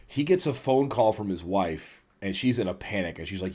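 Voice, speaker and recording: Profane, animated male podcast host. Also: low voice, moderate pace, breathy edge. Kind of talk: casual podcast chat.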